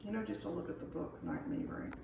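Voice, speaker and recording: A woman's voice: mid-range voice, wildly swooping pitch, fast, gravelly, heavy background noise. A woman teacher with an American accent, reading a picture book aloud to her class in an upbeat, encouraging way. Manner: upbeat, encouraging, self-correcting. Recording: echoey classroom from far off.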